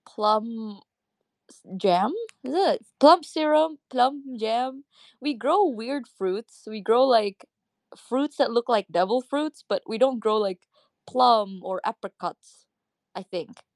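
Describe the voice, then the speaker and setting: A woman's voice: a little high, no echo. A young woman from Indonesia chatting casually in a live audio room, rambling, swearing freely and laughing often. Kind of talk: casual chat.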